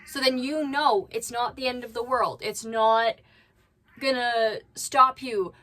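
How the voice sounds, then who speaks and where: A woman's voice: a little high, slow, sharp tone. A woman hosting a reaction channel, giving blunt, critical commentary with sarcastic asides from home.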